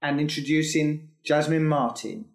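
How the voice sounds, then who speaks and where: A man reading the closing credits of an audio drama in a plain, even way. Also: fairly high pitch, normal speed, vocal fry. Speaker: credits announcer. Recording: roomy echo.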